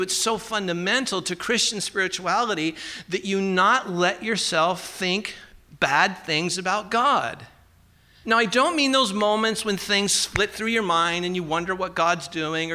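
A man's voice: high-pitched, sharp tone. A man preaching a sermon in a conversational way, with casual asides and tag questions. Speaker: pastor.

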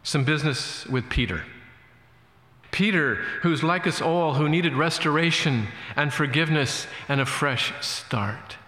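A man preaching a sermon as a pastor, telling a story in a relaxed, conversational way with many fillers. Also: a little high, a little slow. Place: church. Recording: echoey church hall.

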